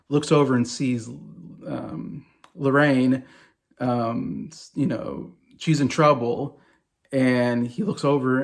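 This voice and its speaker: Gravelly-voiced man rambling about movies. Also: medium pitch, a little mellow. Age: 40s. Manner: rambling, enthusiastic, many fillers and restarts. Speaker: movie vlogger. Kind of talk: casual movie review.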